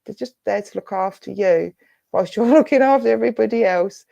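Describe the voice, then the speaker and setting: Soft-spoken English woman medium, dry sound. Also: medium pitch, brisk, vocal fry, no room sound, highs cut off. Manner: soft, reassuring, affectionate, addresses listener as darling and lovely. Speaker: spiritualist medium. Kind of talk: clairvoyant reading in an online church service. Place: church service streamed online.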